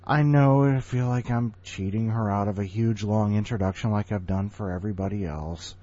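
A man's voice: fairly low pitch, normal speed, dark tone, dull audio. A man hosting a podcast in a jokey, casual way, full of silly asides. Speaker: podcast host. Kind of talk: playful casual chat.

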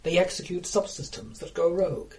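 A man reading a piece of prose aloud in a calm, measured narration. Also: high voice, low-quality recording. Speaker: contributor reading his story.

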